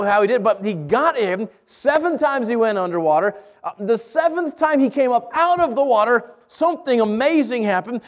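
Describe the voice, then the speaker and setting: High-voiced lively male preacher. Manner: lively storytelling with repeated restarts. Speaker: pastor. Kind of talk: sermon. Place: church in Albuquerque.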